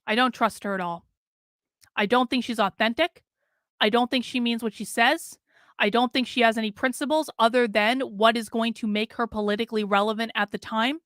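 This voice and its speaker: Blunt, fast-talking woman streamer. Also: on the high side, steady tone, fairly bright tone, no room sound, studio quality. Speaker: political commentator streamer. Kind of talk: casual live-stream commentary.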